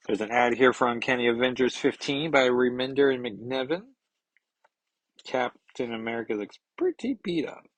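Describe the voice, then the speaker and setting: A man's voice: mid-range voice, breathy edge, no echo, low-quality recording. A man reviewing a comic book in a casual, rambling way, reading panels aloud with chatty asides.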